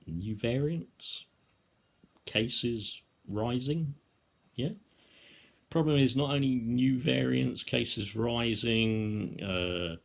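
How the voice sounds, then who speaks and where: An older man from the UK talking sarcastically and rambling to camera in a solo vlog, with sudden loud bursts. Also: sits low, creaky, slightly rough. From United Kingdom. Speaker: vlogger.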